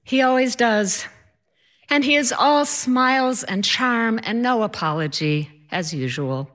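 A woman tells a personal story to an audience in an unhurried, deliberate voice. She is wry and self-deprecating, and she builds the drama with her timing. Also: a little high, expressive, fairly bright tone.

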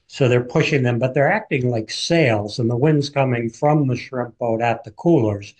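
A man speaking as an author on a radio interview. He retells events in a vivid, storytelling way at a middle pitch. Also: normal speed, darkish tone.

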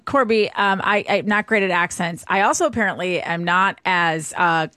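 A woman's voice: on the low side, moderate pace, sharp tone, no echo. A woman co-hosting a radio talk show, chatty and self-deprecating in casual banter. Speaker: radio co-host.

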